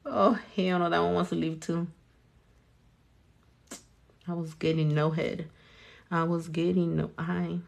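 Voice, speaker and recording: Doing her nails on camera, a young woman vlogs in a chatty, foul-mouthed way, addressing herself and her hands and dropping Spanish phrases. She's a nail artist with a fairly low, steady voice, vocal fry, a measured pace, and long pauses.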